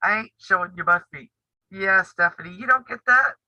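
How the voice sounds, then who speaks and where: A woman's voice: mid-range voice, moderate pace, bright, forceful tone, no echo, highs cut off. A woman, hosting a casual live-stream chat for a sewing channel and talking in a blunt, teasing way with frequent laughs. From United States. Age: 50s. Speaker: sewing and quilting channel host.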